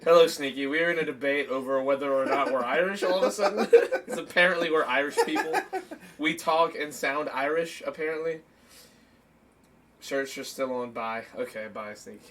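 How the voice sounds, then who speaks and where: A man's voice: fairly high pitch, expressive, moderate pace, fairly bright tone. A young man hosting a casual podcast and livestream from his desk, teasing his friend and laughing often. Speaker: podcast host and streamer. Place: at a desk in a home streaming setup.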